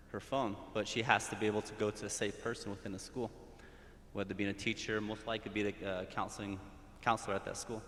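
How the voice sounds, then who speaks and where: A man who works in school counseling speaks from the audience at a community forum, earnest, often restarting and repeating his phrases. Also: fairly bright tone. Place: large hall. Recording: echoey hall with faint rumble.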